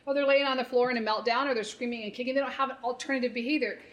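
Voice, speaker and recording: A woman's voice: on the high side, fairly even intonation, rapid-fire, a bit bright, highs cut off. A woman therapist leading a parent workshop, coaching in a conversational way and often checking in with "right?". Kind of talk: live workshop talk.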